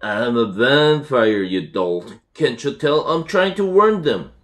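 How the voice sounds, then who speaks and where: A man voicing a sardonic pet cat in a storybook reading, speaking slowly and scornfully. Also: mid-range voice, big pitch swings, fairly bright tone.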